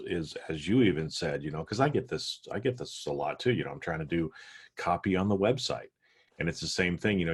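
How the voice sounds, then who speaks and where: A man's voice: extremely low pitch, breathy edge. A man co-hosting a podcast, speaking in a reassuring, reflective way with many fillers in casual chat. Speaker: podcast co-host.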